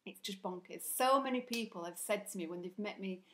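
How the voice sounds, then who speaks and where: A woman's voice: mid-range voice, fairly quick, a little hiss or hum. Chatty woman with a strong Northern English accent. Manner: chatty, candid, self-conscious. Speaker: speaker sharing personal reflections. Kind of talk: casual reflective monologue.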